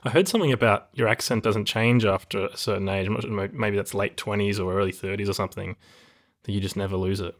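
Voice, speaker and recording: A man's voice: on the low side, fairly even intonation, quick pace. A man hosting a podcast, reading an upbeat welcome and chatting with a guest. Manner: upbeat, friendly scripted delivery. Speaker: podcast host. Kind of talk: podcast intro and interview. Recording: music bed under the voice.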